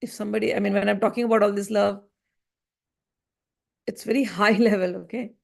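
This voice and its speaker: A woman's voice: mid-range voice, flat delivery, a little fast, vocal fry, a little mellow. A woman, teaching a devotional class in a storytelling way and often checking in with her listeners. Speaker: spiritual teacher.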